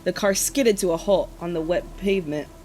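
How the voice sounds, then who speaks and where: A woman's voice: lowish voice, fairly quick, warm tone, slight background noise, rough recording. A woman co-hosting a podcast, reading a spooky campfire story aloud in a casual way and often breaking into giggles.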